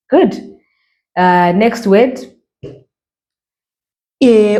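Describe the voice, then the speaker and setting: A woman's voice: medium pitch, very slow, long pauses, dark tone. A woman from Zimbabwe teaching a beginner reading class, patiently drawing out each model word and checking in with okay and all right. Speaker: language teacher. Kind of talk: slow pronunciation lesson.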